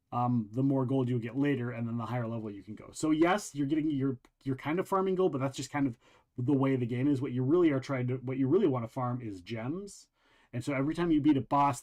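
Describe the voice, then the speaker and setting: A man hosting a show, casually chatting while walking through a video game, rambling with many pauses and restarts. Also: medium pitch. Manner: rambling, relaxed, lots of ums and restarts. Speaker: show host. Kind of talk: casual game walkthrough chat.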